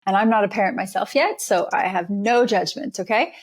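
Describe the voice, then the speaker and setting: A woman talking as a podcast guest in a relaxed interview, stressing her points by repeating phrases. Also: mid-range voice, fairly quick. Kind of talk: conversational interview.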